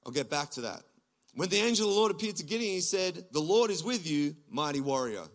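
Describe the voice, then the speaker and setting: An Australian man, a pastor, preaching a lively sermon from a church stage, his voice climbing to near-shouts. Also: fairly high pitch, a little fast, creaky. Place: church stage before a congregation.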